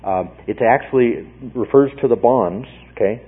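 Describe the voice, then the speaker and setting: A man's voice: medium pitch, moderate pace. A man teaching through a Bible passage verse by verse, emphatic, repeating phrases and checking in with "okay?" as he goes. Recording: tinny phone-like radio broadcast, husky.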